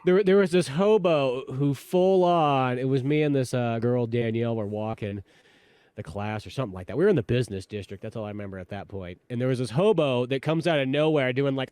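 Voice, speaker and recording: A man's voice: mid-range voice, brisk, darkish tone, clear, resonant tone, no echo. Man in crude rambling podcast chat. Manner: crude, rambling, laughs often. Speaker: podcast co-host.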